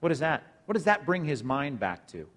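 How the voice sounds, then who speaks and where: A man delivering a sermon as a pastor, with a voice pitched a little above most men. He presses his points through repetition and asks the congregation question after question. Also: sing-song, brisk, fairly bright tone. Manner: preaching with emphatic repetition and rhetorical questions.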